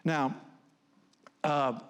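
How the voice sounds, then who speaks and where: A man's voice: a little high, extremely slow, fairly bright tone, clean tone. A middle-aged man, giving an earnest, conversational sermon full of personal stories, often restarting his words. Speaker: guest speaker, counselor. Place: church stage.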